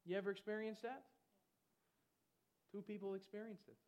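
Male preacher, high voice, exuberant, bursts of laughter. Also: flat delivery, normal speed, background noise. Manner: exuberant, bursts into loud laughter, repeats words. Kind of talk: sermon.

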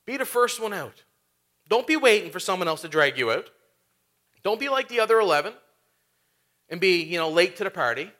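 Bright-voiced preacher, man. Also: high voice, very animated, a little fast, long pauses. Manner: conversational, with rhetorical questions and fillers. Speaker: pastor. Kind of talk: sermon.

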